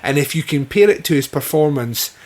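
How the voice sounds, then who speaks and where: Speaking a bit fast with a high, animated voice and a darkish tone, a man co-hosts a podcast. He chats casually and enthusiastically about a horror film, swearing freely as he reviews it.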